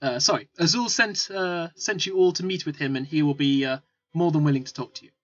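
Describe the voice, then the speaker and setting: A man voicing a smooth, eager-to-please male merchant, chatty with lots of filler. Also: on the high side, brisk, a bit bright. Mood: salesy. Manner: salesman patter, full of fillers. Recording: dull lo-fi recording with faint music.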